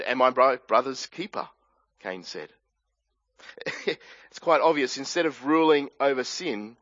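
Earnest Australian male preacher, a touch high, muffled dry sound. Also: a bit bright, dry recording. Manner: earnest, explanatory, with asides and restarts. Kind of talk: sermon.

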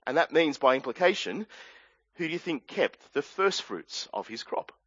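Earnest Australian male preacher, a touch high, muffled dry sound. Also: very animated, moderate pace, a bit bright, breathy edge, no room sound. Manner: earnest, explanatory, with asides and restarts. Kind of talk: sermon.

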